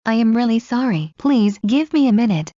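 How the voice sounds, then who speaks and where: A woman reading common English phrases aloud one by one in a clear, measured way, as in a language lesson. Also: fairly high pitch, expressive, warm tone, no room sound. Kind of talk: slow read-aloud phrase drills. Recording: dull lo-fi recording.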